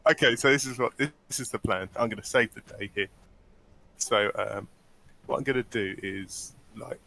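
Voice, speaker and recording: A man playing a tabletop game, talking through his character's schemes out loud. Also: medium pitch, normal speed, vocal fry, a little hiss or hum, poor audio. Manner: scheming, improvises plans out loud. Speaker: player. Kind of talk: casual tabletop game chat.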